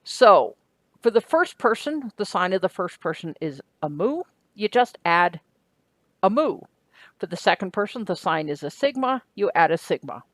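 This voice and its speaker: A woman's voice: medium pitch, big pitch swings, normal speed, a bit bright, dry recording. Woman teaching grammar in a dry, close recording. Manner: explanatory, with self-corrections and frequent "right?". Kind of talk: recorded lecture.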